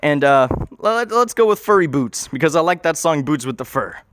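A man's voice: a little high, expressive, moderate pace, a bit bright, no echo. A man improvising a rambling comic story, often interrupting himself and swearing casually.

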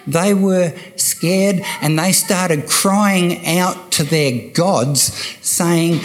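Man, older, sermon, slow deliberate delivery, slightly high pitch, emphatic repetition. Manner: slow, emphatic, repeats key phrases. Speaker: preacher.

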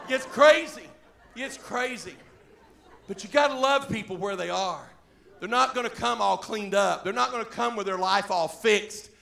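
A folksy preacher spins a yarn from the pulpit, laughing often and shouting at times. His voice runs high with a gravelly rasp and a bright edge. The sound rings through an echoey church sanctuary. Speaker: pastor. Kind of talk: storytelling sermon.

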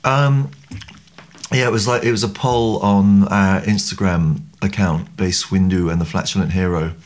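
A man's voice: low voice, steady tone, normal speed. A man co-hosting a podcast, chatting casually in a playful, rambling, giggly way. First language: not English. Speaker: podcast co-host. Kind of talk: casual chat.

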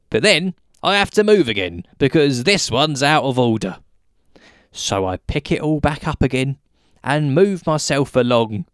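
A man's voice: medium pitch, no echo, clean studio sound. A British man hosting a podcast and reading his own comic rhyming poem in a wry, self-mocking way. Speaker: podcast host.

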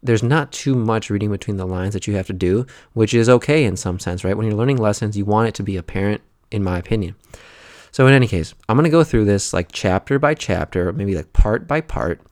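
A young man talks on his solo podcast in a relaxed, rambling way, filling his pauses with "um" and "right?". His voice sits low. The recording is close and dry, with no room sound. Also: no room sound. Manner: rambling, laid-back, many fillers and "right?". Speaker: podcast host. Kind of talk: casual solo podcast monologue.

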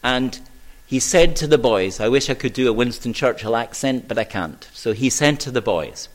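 A man preaching a sermon in a church, measured and earnest. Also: mid-range voice, expressive.

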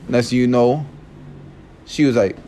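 A man's voice: medium pitch, steady tone, measured pace, dark tone, a little hiss or hum. Male storyteller, casual slangy delivery, rambling, mid-range voice, keeps checking in with listeners.

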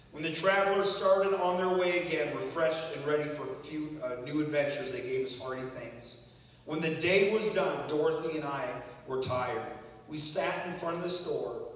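Man, minister, earnest and emotional reading, slightly high voice, far from the mic, long reverb. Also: fairly bright tone. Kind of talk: reading a story aloud, then personal reflection. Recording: echoey hall from far off.

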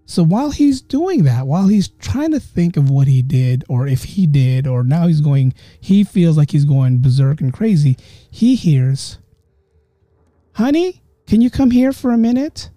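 A man hosting a podcast, telling a ghost story in a chatty way, talking straight to his listeners and slowing down for suspense. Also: fairly high pitch, animated, warm tone, dry recording, studio quality. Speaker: podcast host.

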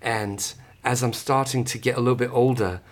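American man doing a mock British accent, self-mocking, chatty, laughs between lines, mid-pitched voice. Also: fairly even intonation, moderate pace, lightly acted. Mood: playful. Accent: put-on British. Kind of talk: casual podcast chat.

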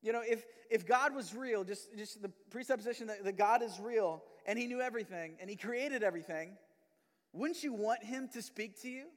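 A man's voice: high voice, brisk, big-room sound. A man giving a sermon as pastor in a church, talking conversationally and acting out quoted prayers and voices. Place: church sanctuary.

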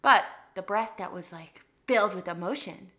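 A woman hosting a podcast, teaching a casual spoken singing lesson in a chatty, animated way with lots of "like" fillers. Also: medium pitch, moderate pace. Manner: chatty and animated, drifts into short sung demonstrations; frequent "like" fillers.

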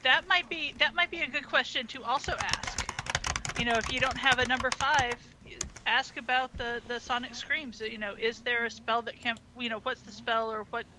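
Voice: mid-range voice, steady tone, normal speed, noisy background. A player in a tabletop game who eagerly offers suggestions to the group. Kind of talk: tabletop game planning chat.

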